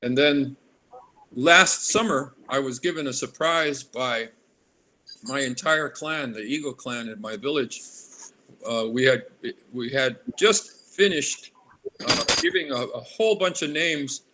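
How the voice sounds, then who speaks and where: A man in his sixties from Alaska, a guest in an interview, rambling warmly and drifting into tangents. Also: mid-range voice, measured pace, a little hiss or hum. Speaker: artist guest. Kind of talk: casual interview conversation.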